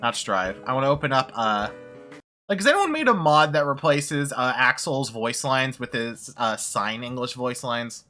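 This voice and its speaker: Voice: medium pitch, sing-song, moderate pace, sharp tone, soft background music. A streamer chatting casually during a video game stream, rambling and swearing, often laughing. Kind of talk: casual gaming stream chat.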